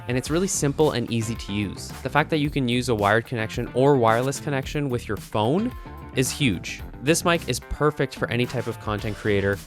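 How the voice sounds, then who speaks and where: A young man in a casual home studio setup, talking through a microphone review in a relaxed, conversational way. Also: medium pitch. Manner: relaxed, conversational, with frequent "kinda" and "like". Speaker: tech reviewer.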